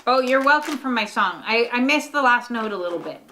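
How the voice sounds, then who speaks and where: A woman's voice: fairly high pitch, expressive, a little fast, noisy background. A woman giving a casual, rambling oracle card reading, full of fillers and the odd swear word.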